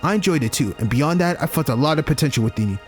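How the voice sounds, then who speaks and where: A man's voice: on the high side, lively intonation, fast, faint music behind, close to an everyday voice. A man doing a stern older mentor. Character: stern older big brother mentor, firm and caring.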